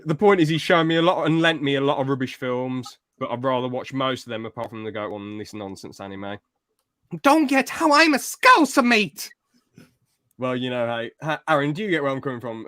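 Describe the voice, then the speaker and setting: A man talks loosely on a podcast, rambling from one opinion to the next with casual swearing. His voice sits in an ordinary middle register. The sound is dry and close, with no room echo. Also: mid-range voice. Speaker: podcast co-host.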